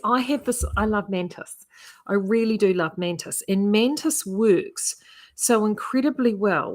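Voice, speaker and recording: A woman, chatting enthusiastically to viewers on a live stream about knitting yarns and color contrast. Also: medium pitch. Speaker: yarn shop owner and video host.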